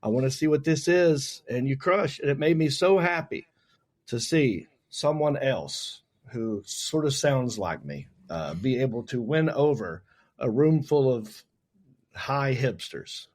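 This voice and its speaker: A man's voice: medium pitch, takes it slowly. A man from North Carolina with a Southern US accent, a comedian telling stories in a casual chat and acting out what others said. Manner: animated storyteller, acts out others' lines. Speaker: comedian guest.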